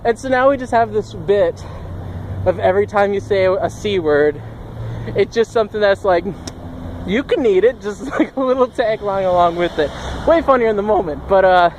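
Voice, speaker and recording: A man's voice: high voice, animated, normal speed, slight background noise. A young man telling a funny story in a casual vlog, rambling and laughing often.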